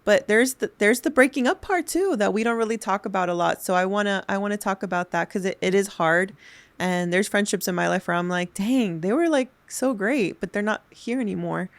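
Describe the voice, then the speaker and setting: A chatty woman co-hosts a podcast, giggling and circling back over her own words. Her voice sits at a middle pitch. The sound is close and dry. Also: fairly quick, dry recording. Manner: chatty, giggly, rambling restarts. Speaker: podcast co-host. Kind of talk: casual chat.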